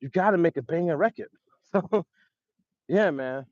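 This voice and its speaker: A high-voiced man, a music producer telling loose studio stories and acting out the voices he heard. His tone is dark and mellow despite the high pitch. The recording is dull and dry, with no room sound. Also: moderate pace, dry recording. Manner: loose and animated, acts out studio voices with laughs. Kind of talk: casual storytelling.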